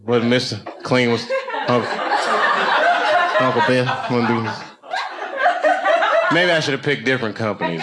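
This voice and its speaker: A male comedian doing a live stand-up set, swearing freely and darting into high mock voices as he riffs with the audience. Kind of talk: live stand-up routine with crowd work. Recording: loud audience noise behind.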